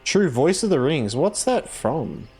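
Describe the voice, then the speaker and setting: A man's voice: on the high side, big pitch swings, a little slow, darkish tone, slightly rough. A man streaming a game, chatting casually in a rambling way, full of fillers and restarts. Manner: rambling, filler-heavy, self-correcting. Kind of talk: casual live-stream chat while playing.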